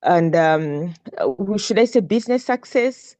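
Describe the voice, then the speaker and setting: A woman's voice: mid-range voice, animated, a little mellow, dry recording. Hesitant woman from Uganda, dry sound. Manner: hesitant, halting, many fillers. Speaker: participant asking a question.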